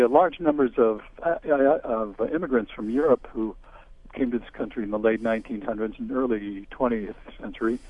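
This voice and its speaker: A man calls in to a radio show and speaks haltingly, stopping to correct himself. His voice comes through a thin, tinny phone line. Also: mid-range voice, no room sound. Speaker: caller. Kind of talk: call-in comment.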